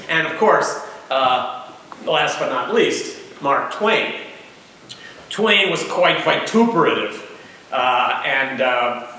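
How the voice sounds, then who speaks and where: A man giving an author's book talk to an audience in a church meeting house, with dry humor and frequent "uh" pauses. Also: on the high side, bright, forceful tone. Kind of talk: public lecture with read-aloud quotes. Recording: very echoey hall, distant mic, faint noise.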